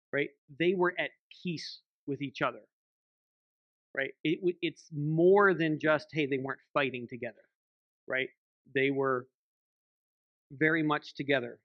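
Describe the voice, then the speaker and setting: A little slow and steady in tone, this church elder's slightly high voice carries a conversational sermon peppered with "right?" checks toward the congregation. The sound has no echo and is lo-fi.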